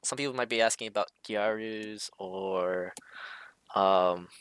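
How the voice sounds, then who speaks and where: A man's voice: on the low side, slow, fairly bright tone, smooth. A man talking casually over a drawing, hesitant, with many fillers and restarts. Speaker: streamer explaining a drawing.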